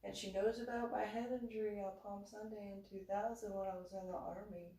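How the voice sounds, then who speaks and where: A middle-aged woman from New Jersey telling a story casually, animated and laughing often as she acts out scenes. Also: medium pitch, a little fast. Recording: roomy room, mic far off.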